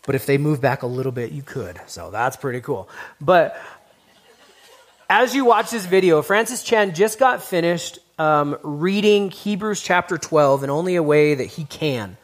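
A man with a slightly high voice speaks casually to a church group. He keeps it loose and conversational, full of fillers. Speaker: worship leader introducing a video. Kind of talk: casual introduction to a congregation.

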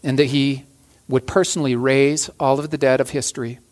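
A man's voice: medium pitch, flat delivery, brisk, a little mellow. A man preaching a sermon as a pastor, earnest, often restarting and repeating phrases.

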